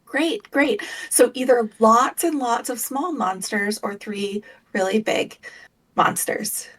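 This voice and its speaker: A woman playing a tabletop game, calm and practical, thinking out loud about her character's next move. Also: on the high side, slow. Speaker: player. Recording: voice a bit far from the mic.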